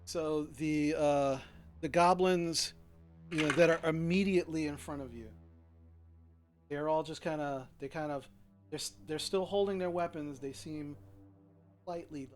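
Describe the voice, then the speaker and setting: A man narrating a tabletop game as game master, describing the scene with hesitant pauses. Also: on the high side, soft background music. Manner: hesitant, lots of ums and restarts while describing the scene.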